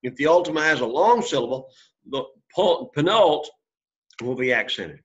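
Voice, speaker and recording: A man lectures a classroom on Greek grammar, often checking in with students. His voice sits fairly high for a man, and he keeps it encouraging. The lo-fi classroom recording sounds dull and muffled. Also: animated, moderate pace. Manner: encouraging, quizzes students, frequent "okay?" and "right?" checks. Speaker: Greek teacher.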